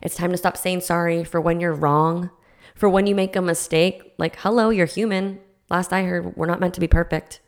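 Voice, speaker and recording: Gravelly-voiced woman podcast host. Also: lowish voice, fairly even intonation, normal speed. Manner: earnest, reflective, frequent restarts. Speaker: podcast host and life coach. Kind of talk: casual solo podcast talk.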